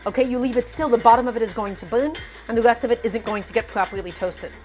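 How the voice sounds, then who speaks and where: A woman's voice: fairly high pitch, fast, darkish tone, faint music behind. A woman streaming a live cooking demonstration, talking animatedly to viewers as her friends and repeating her points with emphasis. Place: home kitchen.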